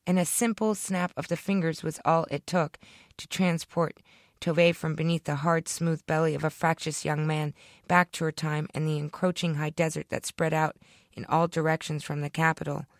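A woman's voice: deep voice, level tone, moderate pace, no echo. Dry, close woman reading fiction. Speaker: author reading her own story.

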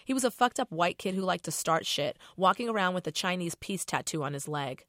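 Middle-aged woman author, low voice, casual profane narration, dry close mic. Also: expressive, fairly quick, fairly bright tone, dry recording. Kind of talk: reading her novel aloud.

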